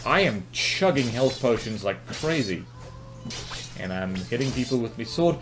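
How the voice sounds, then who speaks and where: A man's voice: mid-range voice, expressive, unhurried, music in the background. A man from New Zealand with a New Zealand accent, giving rambling, self-mocking commentary over his gameplay. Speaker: gaming commentator.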